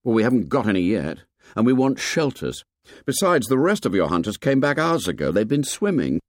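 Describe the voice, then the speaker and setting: A man's voice: mid-range voice, sing-song, fairly quick, dry recording, studio quality, voice pushed up. A man voicing a weary boy leader who talks in an exasperated, complaining tone. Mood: frustrated.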